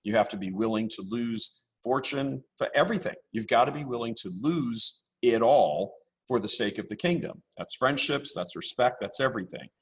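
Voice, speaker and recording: Guy on a podcast, kinda husky, blunt, keeps repeating himself. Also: mid-range voice, moderate pace. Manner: blunt, forceful, rambling with repeats. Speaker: podcast guest. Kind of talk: casual interview.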